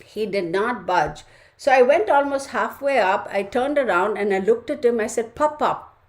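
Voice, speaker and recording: A woman's voice: a little high, moderate pace, darkish tone. Woman, livestream host, chatty, laughs a lot, reads out comments. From United States. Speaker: tarot channel host. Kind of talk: casual livestream chat.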